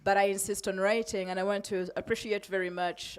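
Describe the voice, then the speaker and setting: A woman's voice: mid-range voice, steady tone, fairly quick, few pauses, clean tone. A woman from Uganda, in her forties, speaking as a poet with a shaky, emotional but defiant delivery before a reading.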